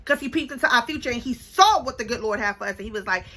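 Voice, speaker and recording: A young woman telling a story to her camera in a casual storytime vlog, animated and sassy, calling the listener baby and honey. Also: fairly high pitch, very fast, low-quality recording. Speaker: vlogger.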